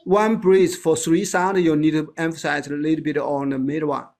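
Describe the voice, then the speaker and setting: A man whose first language is Chinese, teaching pronunciation in a casual one-on-one lesson, halting and repeating words as he models sounds slowly. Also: on the high side, fairly even intonation, vocal fry, darkish tone.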